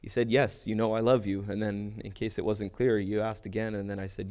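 A man preaches in a relaxed, talky way, stumbling and restarting as he goes. His voice is mellow and dark, and he reads scripture passages aloud between his comments. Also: on the low side, moderate pace. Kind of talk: sermon.

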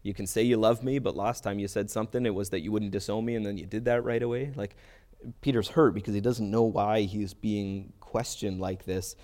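A man preaches in a relaxed, talky way, stumbling and restarting as he goes. His voice is mellow and dark, and he reads scripture passages aloud between his comments. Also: lowish voice, brisk. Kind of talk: sermon.

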